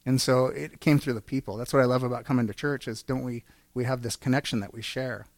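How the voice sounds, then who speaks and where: Guy with a gravelly voice telling his story in church, earnest, dry close sound. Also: medium pitch, steady tone, fast, no echo. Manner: earnest, storytelling with acted-out quotes. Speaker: church speaker. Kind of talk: personal testimony sermon.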